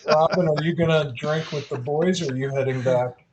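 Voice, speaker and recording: A man's voice: fairly high pitch, steady tone, fairly quick, a little mellow, lo-fi sound, a little hiss or hum. A man running a tabletop game as game master, describing scenes with frequent hesitations.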